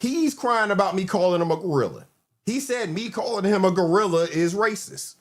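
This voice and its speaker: A man's voice: high voice, animated, moderate pace. A man in casual panel chat, arguing and repeating his questions.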